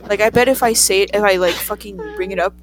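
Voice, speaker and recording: A young woman casually telling a story to friends, animated and profane, acting out the voices in it. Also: medium pitch, fast. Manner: animated, profane, acts out quotes. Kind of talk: casual chat.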